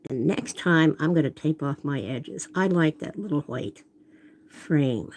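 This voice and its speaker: Painting live on a stream from her home art workspace, this watercolor artist speaks in a low-pitched, animated, slightly slow and mellow voice. Her casual demo chat is chatty and apologetic, and she keeps cutting herself off. It's captured on a phone camera.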